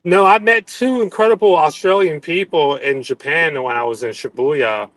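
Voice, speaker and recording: A man's voice: a little high, normal speed, a bit bright, no echo, poor audio. A man joining a live online chat as a guest, telling stories in an easygoing way and laughing easily, over a video call. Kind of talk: casual chat.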